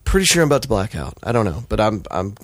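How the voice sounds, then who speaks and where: An American man casually telling a story on a podcast, animated and profane, acting out the voices of the people in it. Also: fairly low pitch, fast talker, no echo. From United States.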